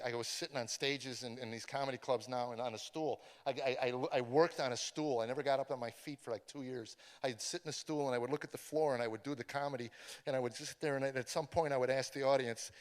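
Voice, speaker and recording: A man's voice: medium pitch, steady tone, fast talker. A middle-aged man, a comedian, giving a personal testimony to a live audience, often stumbling and repeating words as he goes. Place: large room with an audience. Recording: long hall reverb.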